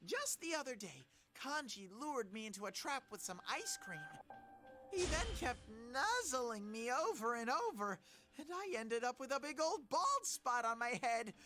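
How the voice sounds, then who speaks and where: A woman's voice: fairly high pitch, sing-song, moderate pace, bright, forceful tone, soft background music. A woman voicing a cheerful, fussy young male bear mascot who dotes on his friends, in a fan reading of a game script. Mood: chirpy. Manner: bubbly and fretful, doting on a companion.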